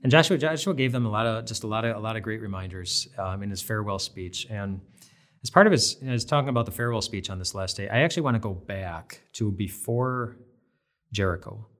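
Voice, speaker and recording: A man's voice: fairly low pitch, fairly quick, a bit bright. A man giving an earnest, conversational devotional Bible talk, repeating phrases for emphasis. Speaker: devotional speaker.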